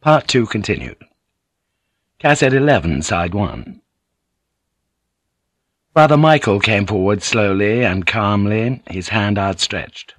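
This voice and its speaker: Low-voiced male audiobook narrator. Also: expressive, takes it slowly, pauses often, no echo. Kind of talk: scripted narration.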